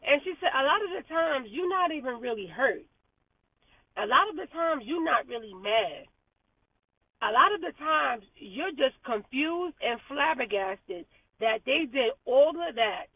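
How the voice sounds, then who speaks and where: High, husky woman talking in her car, animated car-vlog chat, thin phone-like sound from a little off mic. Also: measured pace, dry recording, recorded from a distance. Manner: animated, chatty, laughing, repeats words. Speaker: vlogger. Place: car in traffic.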